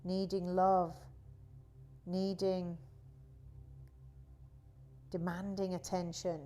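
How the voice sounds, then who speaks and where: A woman teaching a guided yoga class, talking in a slow, soothing, drawn-out way. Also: on the low side, flat delivery, warm tone. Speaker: yoga instructor.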